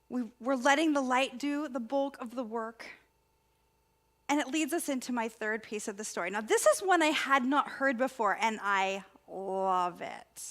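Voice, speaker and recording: A woman, a spiritual practitioner, giving an inspirational sermon in a conversational, expressive way with repeated emphasis. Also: fairly high pitch. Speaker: spiritual practitioner and ministry student speaker.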